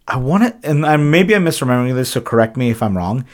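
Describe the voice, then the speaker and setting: A man's voice: medium pitch, quick pace. A man co-hosting a podcast, casually recapping a movie scene by scene and laughing often. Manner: relaxed, laughs often, acts out quotes in voices. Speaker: podcast co-host. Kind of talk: casual chat recapping a film.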